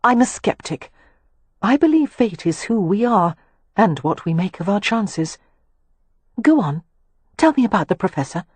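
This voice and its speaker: An audiobook reader voicing a skeptical, reserved young lady with a guarded, precise way of talking, pitched higher than the narration. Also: big pitch swings, measured pace, pauses often, a little mellow, breathy edge, dry recording. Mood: earnest. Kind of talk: audiobook character reading.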